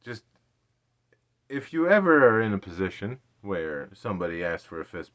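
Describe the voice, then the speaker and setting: A man's voice: on the low side, big pitch swings, normal speed, a bit bright, muffled recording. A man in his late thirties casually telling an embarrassing story, rambling, self-deprecating and laughing often. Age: 30s. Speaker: vlogger.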